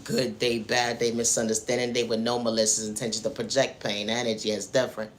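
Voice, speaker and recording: Speaking fast and flatly in a mid-range voice, this male spiritual vlogger preaches to the viewer about faith and self-worth, repeating the same refrains over and over. Slight background noise is audible.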